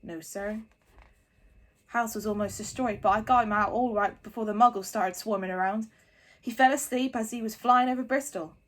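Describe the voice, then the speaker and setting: A woman reading aloud and voicing a big, gentle male giant who talks loudly and stammers through sobs. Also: a little high, steady tone, normal speed, natural voice. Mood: loud, earnest. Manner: loud, sobbing, stammering.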